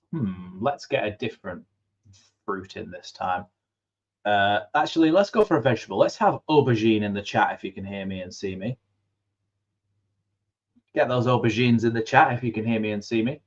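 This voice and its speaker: Chatty male streamer, lowish voice, dry close desk mic, rambling and casual. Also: no room sound, dull audio. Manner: chatty, rambling with fillers and restarts. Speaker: football fan channel host. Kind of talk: live watchalong chat. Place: home setup at a computer. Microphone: desk microphone.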